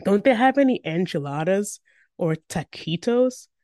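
A woman's voice: mid-range voice, lively intonation, a little slow, dark tone, no room sound, clean studio sound, pitched above the performer's own voice, lightly acted. A woman reading voicing a sick, playful young boy who chatters eagerly. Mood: whiny. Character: boy little brother, sick in hospital, playful.

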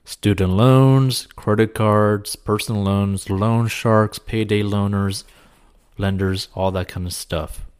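A man with a fairly low voice talks through financial advice at an unhurried pace. His delivery is earnest and encouraging, loose and casual, dotted with "like" and "you know.". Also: fairly even intonation, darkish tone, clean tone. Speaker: personal finance advice host. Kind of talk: casual advice talk answering a viewer question.

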